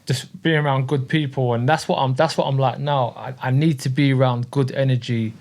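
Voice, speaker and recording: Bloke hosting a podcast, relaxed, keeps repeating himself, mid pitch. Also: male voice, a little fast. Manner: laid-back, repeats words often. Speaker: podcast host. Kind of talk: casual chat. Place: podcast studio.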